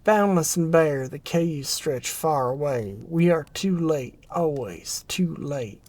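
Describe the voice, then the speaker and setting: A performer reading a narrative game aloud, voicing a gloomy aging scientist in a hushed, low, drawn-out way. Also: animated. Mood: brooding. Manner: mournful, brooding, dwells on loss. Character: gloomy aging scientist who calls himself a king. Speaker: game character voice.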